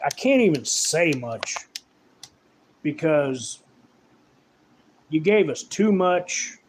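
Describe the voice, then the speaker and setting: A man's voice: on the high side, darkish tone, a little hiss or hum, low-quality recording. A man giving a casual, profane, rambling rant as a horror writer reviewing a film.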